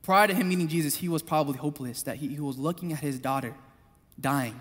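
A man preaching a sermon, passionate, moving between loud appeals and hushed storytelling. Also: on the high side, fast. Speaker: pastor. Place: church hall. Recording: long hall reverb.

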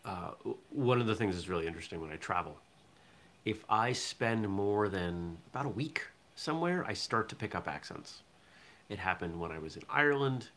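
This is a man from southern Maine hosting a casual morning live stream. His voice sits a little low yet rings bright and forward. He chats easily and now and then reads viewer comments aloud. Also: lively intonation, moderate pace. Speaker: host of a morning live show.

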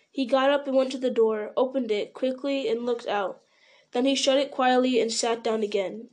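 A woman's voice: fairly high pitch, fairly even intonation, moderate pace, a little mellow. Woman narrating a fantasy story. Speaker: audiobook reader.

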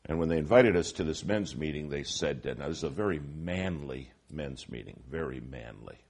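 A man preaching a sermon in an auditorium, telling stories with lively swings from hushed to loud. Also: a bass voice, normal speed. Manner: animated storytelling, shifting from hushed to loud.

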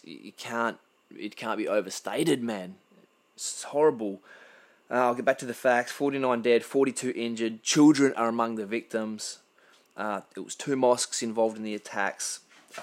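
Blunt, impassioned Australian man. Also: on the low side. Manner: blunt, impassioned, halting with restarts. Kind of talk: unscripted spoken commentary.

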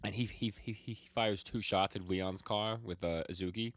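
A young man co-hosting a podcast, casually retelling comic chapters with an animated, stumbling delivery. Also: on the low side, moderate pace, no room sound. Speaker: podcast co-host. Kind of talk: casual chat recapping comics.

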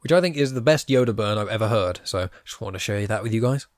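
A casual, chatty man with a lowish voice talks through a story recap with a self-deprecating manner. The recording is dry and close, with no room sound. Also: animated, fast, no room sound. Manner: chatty, self-deprecating, reads quoted lines aloud in his own voice. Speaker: podcast host. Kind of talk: casual comic recap podcast.

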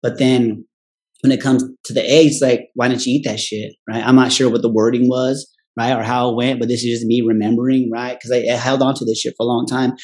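A man's voice: mid-range voice, level tone, a little mellow. Blunt, profane man telling a personal story. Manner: tags nearly every phrase with "right?"; acts out family members in quick quoted voices.

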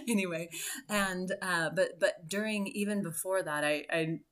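Low-voiced woman telling a personal story. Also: steady tone, normal speed. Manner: earnest, reflective, with soft laughs. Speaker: podcast host. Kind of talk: personal story and motivational talk.

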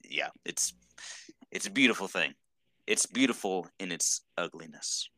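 Male podcast co-host, deep bright voice, casual rambling fan talk. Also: animated, a little slow, no echo. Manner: enthusiastic, rambling with many fillers. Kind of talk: casual chat.

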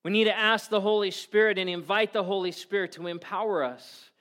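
Male pastor, slightly high voice, earnest sermon delivery with soft drops. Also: fairly quick, few pauses. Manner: earnest, quotes prayers and scripture with sudden soft drops.

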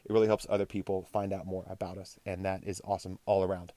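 A man's voice: low voice, little pitch movement, fast talker, very noisy. Casual rambling male podcast host. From Texas. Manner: casual, rambling, self-deprecating. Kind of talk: solo podcast monologue.

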